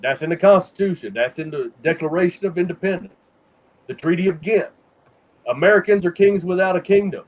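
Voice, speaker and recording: A man's voice: high-pitched, brisk. A man holds forth on a podcast in a slightly raised voice, cursing freely and circling back over his own words. The sound is dull and lo-fi. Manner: profane, rambling, repeats words when stuck. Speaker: podcast host. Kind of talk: casual conspiracy talk.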